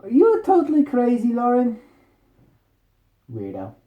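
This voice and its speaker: A man's voice: very high-pitched, wildly swooping pitch, measured pace, echoey room, phone-quality sound, pitched above the performer's own voice, heavily acted. A man doing a boastful, rambling guy. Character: boastful friendly Irish man, rugby fan.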